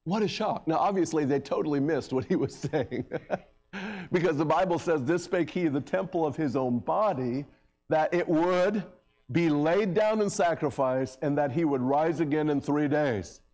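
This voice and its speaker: Here a middle-aged man gives a church sermon at normal speed, his voice a little high and a little mellow. He keeps it conversational, uses filler words, and raises his voice to mock a crowd. The sound comes through a handheld or stand microphone in the sanctuary.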